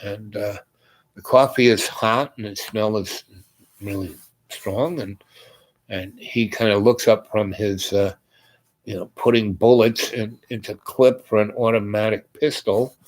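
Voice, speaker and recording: Low-voiced man telling a rambling story. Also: fairly even intonation, rough recording. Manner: meandering, halting, acts out the dialogue. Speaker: host.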